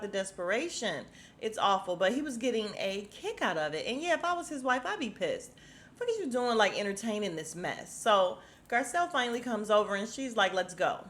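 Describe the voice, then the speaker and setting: A woman's voice: medium pitch, fairly bright tone. A woman hosting a podcast, recapping a reality show in casual chat, sassy and blunt, swearing freely and acting out quotes.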